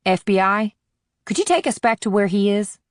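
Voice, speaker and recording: A man voicing a tense, sharp-tongued woman federal agent in an audiobook thriller, with clipped, alert questions. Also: high voice, animated, normal speed, no echo, studio quality, pitched above the performer's own voice. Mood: wary.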